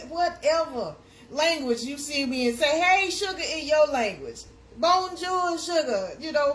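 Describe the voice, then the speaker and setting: Woman livestream host, high voice, sing-song and chatty, faint noise behind. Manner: sing-song, chatty, reads comments aloud. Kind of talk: casual live chat.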